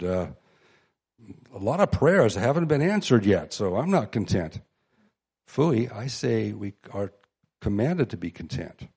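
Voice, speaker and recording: A man preaching a sermon to a seated audience, reading scripture aloud and talking it over in a conversational way with restarts and pauses. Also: on the low side, dark tone, slightly rough.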